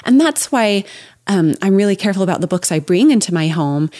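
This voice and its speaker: A woman's voice: medium pitch, big pitch swings, fairly quick, mellow. A middle-aged woman speaking as a guest expert on a podcast, enthusiastic and opinionated in casual conversation, laughing often. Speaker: guest children's book expert.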